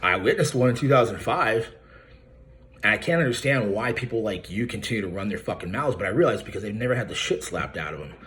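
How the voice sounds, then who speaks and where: Profane, confrontational man with a low voice. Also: expressive, fast talker, a bit bright, slight background noise. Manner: addresses the target directly by name. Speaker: YouTuber calling out a credit repair business. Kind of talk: angry direct-to-camera vlog rant.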